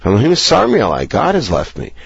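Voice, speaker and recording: A man's voice: wildly swooping pitch, fairly quick, gravelly, husky, no echo. A man teaching a verse-by-verse text study, reading each line of Hebrew and then explaining it in English, raising his voice for the quoted speakers. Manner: reads the Hebrew then explains it, lifting pitch for quoted speech. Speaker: Bible teacher. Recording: dull, lo-fi recording.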